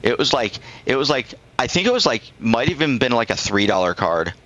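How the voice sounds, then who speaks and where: A man's voice: mid-range voice, big pitch swings, brisk, fairly bright tone, no echo, rough recording. A middle-aged man on a live stream, telling a rambling anecdote and acting out both sides of the conversation. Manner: rambling storyteller, acts out both sides of the dialogue.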